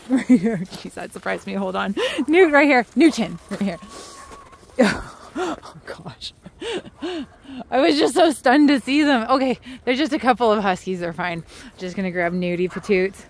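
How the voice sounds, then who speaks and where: A woman's voice: creaky, slight background noise. A woman walking a large pack of dogs outdoors, chatting casually to the camera and calling out to the dogs in a sing-song voice. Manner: switches to high sing-song praise when calling the dogs. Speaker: dog walker. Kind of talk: casual vlog narration while walking dogs. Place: outdoors on a trail near a river.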